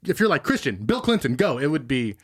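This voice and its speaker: A man co-hosting a comedy podcast, jokey and quick to laugh. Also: a little high, sing-song, heavy background noise. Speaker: podcast co-host. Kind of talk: casual chat.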